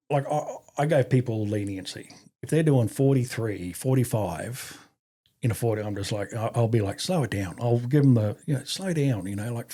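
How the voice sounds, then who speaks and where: A man's voice: mid-range voice, breathy edge. A man with an Australian accent telling a long, profane army story in casual conversation, acting out the people he quotes. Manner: profane, animated, acts out quotes. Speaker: guest.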